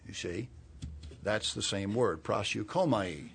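A man preaching a sermon. He explains words slowly and clearly, then builds to urgent, emphatic calls. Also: lowish voice, slight background noise. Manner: expository, spells out Greek words, rises to urgent emphasis.

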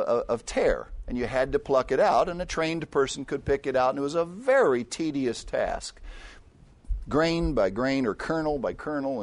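An older man preaching a sermon, mixing personal stories with scripture, dropping to quiet asides and rising to loud emphatic peaks. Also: mid-range voice.

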